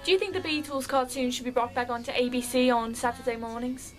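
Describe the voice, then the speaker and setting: A woman's voice: sits high, fairly even intonation, fast, soft background music, poor audio. A young woman vlogger chatting casually through a fan question list, rambling and a bit shy.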